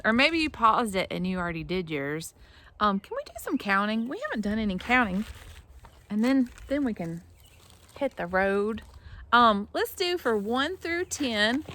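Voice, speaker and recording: A woman's voice: medium pitch, a bit bright, slight background noise. A woman teaching young children in a playful, encouraging way, leading counting games. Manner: playful and encouraging, slow and sing-song.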